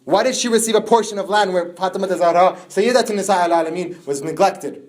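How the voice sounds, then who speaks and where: A young man giving a religious lecture to a youth group, building from plain storytelling to a high, tearful lament. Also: quick pace, a little mellow. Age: young adult.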